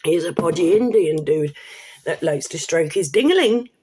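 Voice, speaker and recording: A woman's voice: deep voice, lively intonation, normal speed, warm tone, slight background noise. A British woman in her fifties, vlogging in a blunt, rambling, sweary way with frequent restarts. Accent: British English. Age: 50s. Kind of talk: casual monologue to camera.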